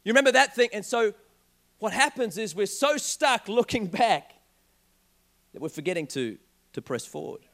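A young man preaching a sermon, telling a joking personal story in an animated way. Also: sits high, measured pace, pauses often. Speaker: pastor.

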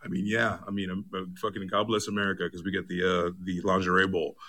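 A man's voice: deep voice, flat delivery, fast, sharp tone. A man leaving an upbeat, casual voice message for a podcast, swearing freely. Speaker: podcast listener sending voice messages. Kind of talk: recorded voice message.

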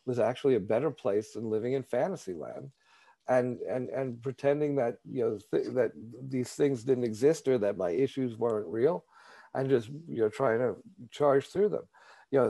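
A man's voice: medium pitch, warm tone. A man sharing his personal story at a recovery support meeting, candid and conversational, often repeating words as he gathers his thoughts.

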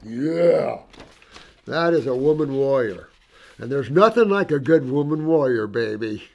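This natural health practitioner has a mid-range, slightly mellow voice with lively intonation and a measured pace. Chatting casually to his online audience, he enthusiastically recounts client cases, rambles through asides and repetitions, acts out dialogue in anecdotes, and calls viewers sweetie and honey.

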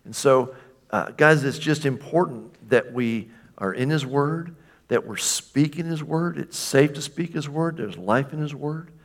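A man's voice: on the high side, measured pace. A man preaching a sermon in a conversational tone, often checking in with the congregation and sometimes mimicking voices. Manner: mimics a taunting voice for quoted questions. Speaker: pastor.

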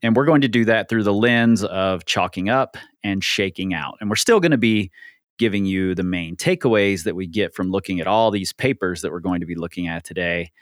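A man's voice: low voice, a little fast, dry recording, clean studio sound. A man hosting a podcast, explaining things earnestly with frequent ums and easy laughs. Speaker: podcast host. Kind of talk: casual podcast discussion.

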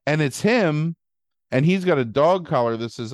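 A man's voice: fairly high pitch, normal speed, no room sound. Man rambling through a movie recap. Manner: rambling, animated storytelling with silly put-on voices. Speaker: podcast host. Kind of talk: casual movie recap chat.

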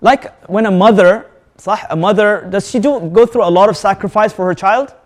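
A man with a high voice preaches a lively sermon to a live audience. He asks the audience questions and mixes Arabic words and recitation into his English. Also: brisk. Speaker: Islamic preacher.

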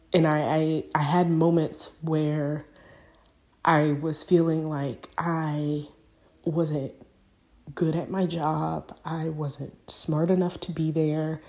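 On her podcast, a young woman talks through something personal in a rambling, filler-packed way, not hiding her emotions. Her voice is deep with a darkish tone.

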